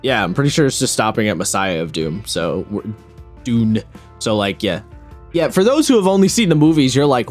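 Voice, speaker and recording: A man's voice: medium pitch, animated, normal speed, soft background music. A man co-hosting a podcast in casual chat, rambling and wry, often breaking off mid-thought. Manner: rambling, self-interrupting, wry. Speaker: podcast co-host.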